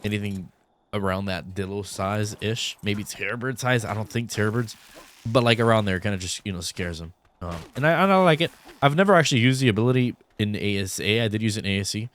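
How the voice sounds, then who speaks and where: A man's voice: on the low side, fast, fairly bright tone, slight background noise. A young man giving casual, rambling let's-play commentary with lots of fillers, still in his groggy morning voice. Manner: rambling, many fillers, easygoing. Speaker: gaming YouTuber.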